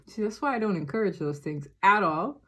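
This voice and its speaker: A talkative woman reads tarot cards for her audience in a loose, conversational way. Her pitch sits in a middle range for a woman, and she rambles, laughs often and trips over her own sentences. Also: animated, fairly quick, fairly bright tone. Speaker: tarot reader. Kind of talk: casual tarot reading to camera.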